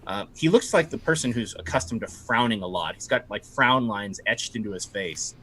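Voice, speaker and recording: A man's voice: on the low side, animated, moderate pace, sharp tone, breathy edge. A man running a tabletop game as game master, narrating casually with lots of fillers and restarts. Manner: casual, rambling, many fillers.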